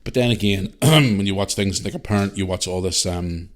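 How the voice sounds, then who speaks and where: Low-voiced rambling male podcast host. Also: normal speed. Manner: rambling and repetitive, with frequent restarts and swearing. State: parent, a single dad. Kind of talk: casual solo podcast monologue, answering listener emails.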